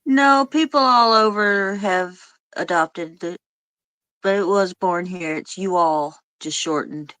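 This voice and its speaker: A woman's voice: lowish voice, slow, fairly bright tone, smooth. A sleepy woman, co-hosting a livestream and chatting casually, sighing and easily exasperated. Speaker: livestream co-host.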